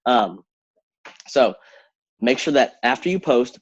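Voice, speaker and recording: A man giving an energetic workshop talk on social media, coaching listeners directly and mimicking his own nervous thoughts in high squeaky voices. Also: slow, dull audio. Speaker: workshop speaker.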